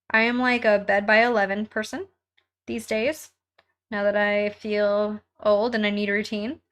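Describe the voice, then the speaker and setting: A woman's voice: on the high side, a bit bright. A young woman hosting a casual live stream from home while crafting, chatting with viewers and reading their comments aloud in a bubbly way, laughing often.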